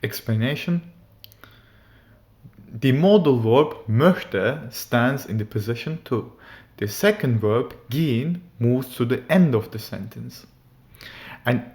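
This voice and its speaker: A man explains grammar as a language teacher, moving through each point at an unhurried pace. His voice sits at an ordinary middle pitch. He reads his example sentences slowly and with care. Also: a little mellow. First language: German. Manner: slow, deliberate, reads German examples carefully.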